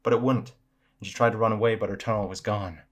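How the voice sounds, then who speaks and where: Low-voiced man reading spooky tales. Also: fairly even intonation, quick pace. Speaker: storyteller. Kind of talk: reading horror stories aloud.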